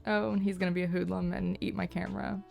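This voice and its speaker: A young woman narrating her horse vlog as a voice-over, cheerful and quick to laugh. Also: mid-range voice, flat delivery, creaky, a little mellow, faint music behind. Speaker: horse owner, vlogger.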